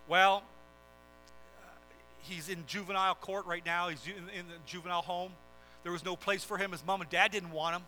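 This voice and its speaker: A plain-talking police officer, voiced by a man with a bright, high voice. He speaks briskly and stumbles over repeated words. Faint music plays underneath. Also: fairly even intonation, low-quality recording. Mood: matter-of-fact. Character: blunt matter-of-fact male police officer.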